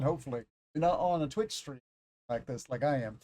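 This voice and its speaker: A man's voice: a little high, darkish tone. Slightly congested man teaching English. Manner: explains slowly, demonstrates sounds, jokes and laughs. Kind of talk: live-streamed English lesson.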